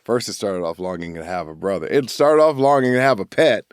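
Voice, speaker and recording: A man's voice: brisk, smooth, dry recording, clean studio sound. A middle-aged man from Chicago, a voice actor guest on a podcast, telling his story candidly and acting out the people in it. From Chicago, USA. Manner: animated storyteller, acts out voices with big pitch jumps.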